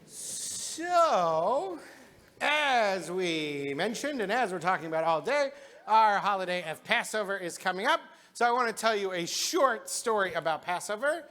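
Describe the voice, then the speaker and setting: A service leader telling a congregation an animated story in a relaxed way. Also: mid-range voice. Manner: animated, casual with fillers. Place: synagogue sanctuary.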